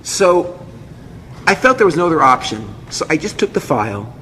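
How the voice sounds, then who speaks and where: Animated storytelling rabbi in a hall. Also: male voice, a little high. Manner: vivid, acts out the dialogue, quick asides. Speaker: rabbi, speaker. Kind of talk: dramatic personal storytelling. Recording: echoey hall with faint noise.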